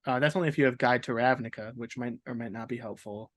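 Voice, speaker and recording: A man's voice: medium pitch, fast. A male co-host in casual gaming chat, pushing back with dry skepticism.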